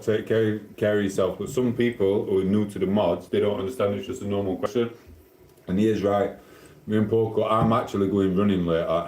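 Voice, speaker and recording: This livestream host is a middle-aged Sheffield man, South Yorkshire born, whose Yorkshire-accented chat rambles on in a friendly, matey way as he cooks at home. His voice is lowish and a little mellow, heard in a roomy, echoing room.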